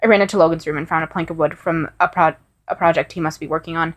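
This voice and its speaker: A woman with a slightly low voice reading a first-person fan fiction story aloud. Her delivery is earnest and unpolished, with small restarts now and then. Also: steady tone, quick pace. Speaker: story reader.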